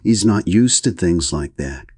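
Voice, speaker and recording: A man's voice: low voice, animated, measured pace, darkish tone, slightly rough, no echo, studio quality, exaggerated voice. A man voicing a placid, prim young woman in an audiobook reading, speaking in an unbothered drawl.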